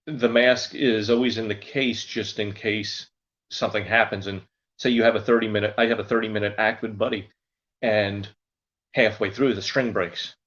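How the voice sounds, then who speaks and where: A man's voice: fairly low pitch, fairly even intonation, moderate pace, a bit bright, muffled recording. An older man who performs as a ventriloquist, telling rambling stories in a casual interview. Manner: rambling, anecdotal storyteller. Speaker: ventriloquist guest.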